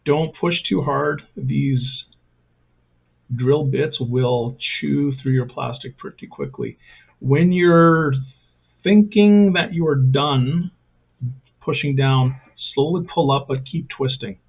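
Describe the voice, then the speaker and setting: A man with a gravelly, husky voice walks through a hobby tutorial in a loose, rambling way and keeps cracking self-mocking jokes. The sound is thin and narrow, like it is coming through a phone. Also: mid-range voice, slow. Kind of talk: casual step-by-step tutorial.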